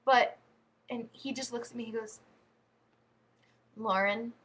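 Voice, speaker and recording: A woman's voice: fairly high pitch, little pitch movement, normal speed. A woman vlogging, telling embarrassing stories in a chatty, giggly, rambling way. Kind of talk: casual storytelling to camera.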